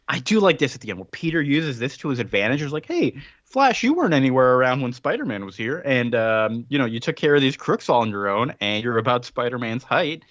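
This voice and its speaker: A man's voice: mid-range voice, no room sound. A man co-hosting a podcast, casually recapping a comic with rambling asides and acted-out quotes. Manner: rambling, animated, acts out quoted characters. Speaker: podcast co-host. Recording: dull lo-fi, dry.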